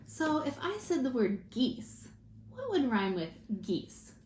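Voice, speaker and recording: A woman teaching a children's phonics lesson, slowly and encouragingly drawing out each word for her students to repeat. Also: high-pitched, sing-song, darkish tone. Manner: slow, encouraging, drawn-out word modeling. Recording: echoey room with faint hiss.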